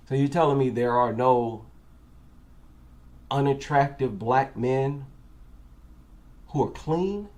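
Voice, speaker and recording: A man's voice: mid-range voice, expressive, slow, pauses often, a little mellow. A man with an African American accent giving reaction commentary, incredulous and asking rhetorical questions.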